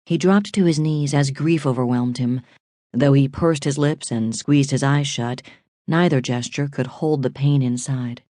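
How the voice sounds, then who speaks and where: Woman narrating a dark thriller audiobook. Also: a bass voice, measured pace, no echo, clean studio sound.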